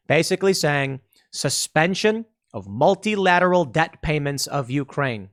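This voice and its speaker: Man, political commentary host, fairly high voice, sarcastic, conversational, dry close sound. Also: expressive, unhurried, no room sound. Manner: sarcastic, conversational, reads out vote lists.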